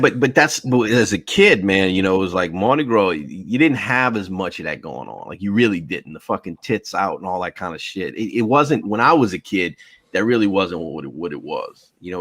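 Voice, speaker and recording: This is a middle-aged man with a very low voice. He tells long, rambling, profane stories as a podcast guest on a video call. The sound is dry and close, with no room around it. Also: a bit bright, no echo. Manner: profane, rambling, says bro a lot. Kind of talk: casual storytelling chat.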